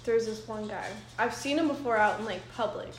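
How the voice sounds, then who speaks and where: A woman's voice: fairly high pitch, brisk. A young adult woman chatting casually, blunt and laughing as she tells gross stories. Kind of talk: casual chat. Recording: roomy echo with crowd noise.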